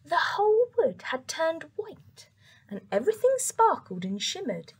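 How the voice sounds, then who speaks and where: A young woman reading a picture book aloud to children, soft and expressive, with whispered asides. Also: very high voice, unhurried. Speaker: children's story reader.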